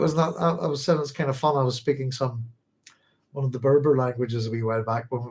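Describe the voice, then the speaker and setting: Man, book club host, rambling, self-correcting, laughs a lot, mid pitch. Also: rough recording. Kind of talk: casual book talk.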